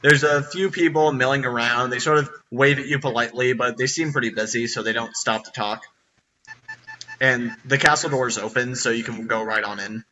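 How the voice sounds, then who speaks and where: Dungeon master guy, bright voice, kinda far from the mic, lots of ums. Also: medium pitch, fairly even intonation, muffled recording. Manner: halting, many fillers. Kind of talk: narrating a tabletop game.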